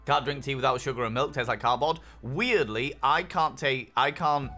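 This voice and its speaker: A man's voice: medium pitch, normal speed, bright, forceful tone. A man streaming a game, chatting casually with viewers, upbeat and swearing freely. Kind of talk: casual chat while reading viewer messages. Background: faint lo-fi music.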